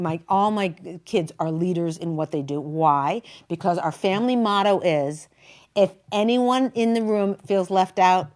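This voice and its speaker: Female talk host, lower register; warm-hearted storyteller, filler-heavy and emotional. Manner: chatty, emotional retelling with many fillers. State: near tears.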